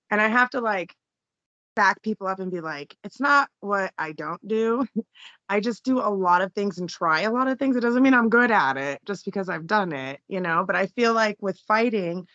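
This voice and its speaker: A young woman talks as a podcast guest in an upbeat, chatty way, often breaking into laughs. Her voice is bright and forceful. The audio sounds dull and lo-fi, with a dry, close feel. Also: medium pitch, no echo. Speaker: podcast guest, fighter and law student. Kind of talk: casual interview chat.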